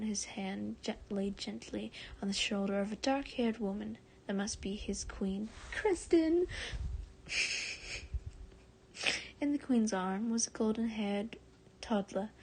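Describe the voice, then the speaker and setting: Gravelly-voiced woman streamer reading aloud. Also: mid-range voice, a little hiss or hum. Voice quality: often soft and breathy, drifting into whispers. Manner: reads with stumbles and self-corrections, chats with viewers in between. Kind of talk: reading fan fiction aloud on a live stream.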